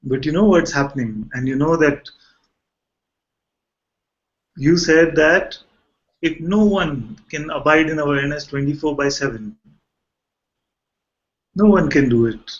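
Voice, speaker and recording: Calm explaining male spiritual teacher. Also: measured pace, pauses often. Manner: calm, explanatory, repeats phrases. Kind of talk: satsang dialogue. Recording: dull low-fidelity sound.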